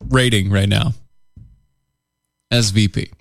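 A man's voice: lowish voice, fairly even intonation, slow pace, gravelly. A man co-hosting a podcast, chatting casually with a wry, mocking, teasing manner. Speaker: podcast co-host. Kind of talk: casual political banter.

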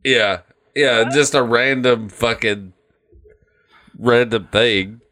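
Slow, bright and forceful, this middle-aged man co-hosts a podcast full of casual chat. He's profane and rambling in his retellings, and he performs cartoon quotes in goofy high-pitched voices.

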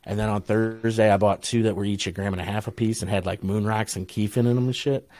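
Podcast co-host, Ohio man, middle-aged, low voice, relaxed and crude, laughs a lot. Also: a little fast, dry recording. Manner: laid-back, profane, laughs often. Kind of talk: casual chat, storytelling.

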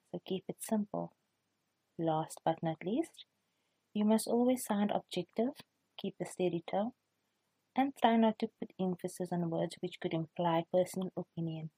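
A young South African woman reads her class podcast part in a careful, measured way. Her voice is low, husky and mellow, and it sounds close and dry. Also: no room sound. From Cape Town, South Africa. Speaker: student presenter. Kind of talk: reading a prepared class podcast script.

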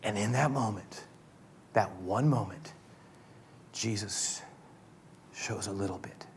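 A man preaching a sermon, retelling a story dramatically and swinging between loud and hushed speech. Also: lowish voice, slow, slight background noise. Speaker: pastor.

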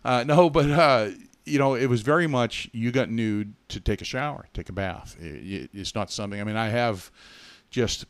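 In a dry recording, a middle-aged man from Massachusetts speaks at a moderate pace in a smooth, lowish voice. Being interviewed as a podcast co-host, he chats and rambles through his childhood story, often correcting himself and drifting into asides.

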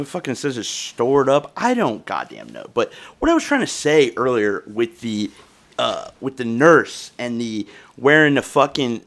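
A man's voice: mid-range voice, fairly bright tone. A young adult man hosting a podcast, talking in a rambling, profane, slang-heavy casual rant, recorded on a phone. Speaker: podcast host.

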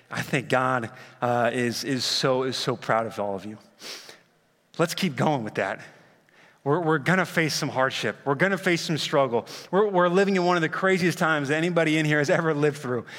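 Bright-voiced pastor preaching in a hall. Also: male voice, mid-range voice. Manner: earnest and casual, with frequent fillers and slang. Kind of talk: sermon. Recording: reverberant hall.

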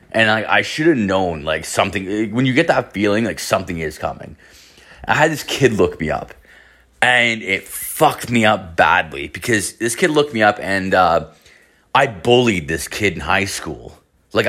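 A man's voice: lowish voice, a bit bright. A young man telling a casual story, rambling and profane, full of fillers.

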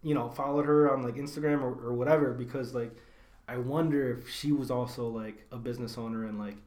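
A man's voice: mid-range voice, steady tone, a little fast, crowd noise. A young man hosting a podcast, chatting casually in a loose, slangy way with plenty of swearing and fillers. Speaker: podcast host. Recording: echoey room.

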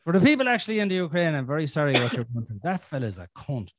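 A man's voice: fairly high pitch, sing-song, quick pace, dry recording. Sweary, teasing Irish man. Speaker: podcast host. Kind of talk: casual podcast chat.

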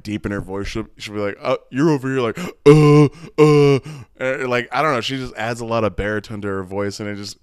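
A man's voice: fairly low pitch, fairly bright tone, smooth, dry recording, clean studio sound. A man in his thirties hosting a casual solo podcast, rambling and candid with plenty of swearing. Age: 30s. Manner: rambling, profane and candid, with many restarts and laughs. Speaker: podcast host.

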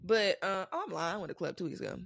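A woman co-hosting a podcast, giving animated, joking commentary on an episode. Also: fairly low pitch, racing, gravelly, no echo, clean studio sound. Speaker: podcast co-host. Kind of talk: casual episode recap.

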